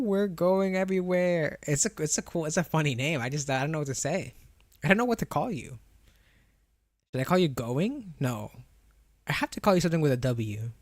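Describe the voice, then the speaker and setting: A young adult man chats casually with his viewers on a live stream, rambling, answering chat, restarting often, and laughing. His voice is fairly high, with a slight lisp on R and W sounds, and the recording is dry.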